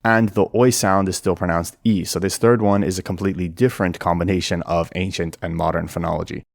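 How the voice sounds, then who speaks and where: A man narrating an educational video and explaining things clearly and methodically. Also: sits low, steady tone, brisk, no room sound, studio quality. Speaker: language explainer.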